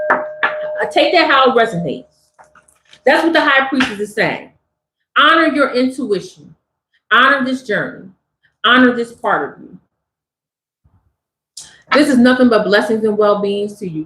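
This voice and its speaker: High-voiced woman giving an animated tarot reading. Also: echoey room, low-quality recording. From Southern California. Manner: animated, affirming, talks straight to viewers. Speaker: tarot reader.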